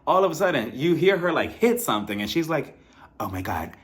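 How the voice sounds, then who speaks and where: A man's voice: fairly high pitch, big pitch swings, fast talker. A man giving a casual, comedic recap of a reality show, chatty and sassy, laughing often.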